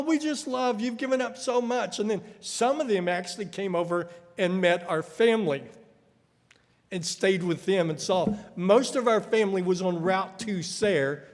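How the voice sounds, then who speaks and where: A man preaching a sermon, telling stories and acting out the voices of people he quotes. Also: high voice. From United States. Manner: storytelling, acts out quoted voices. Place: church hall. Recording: echoey church hall.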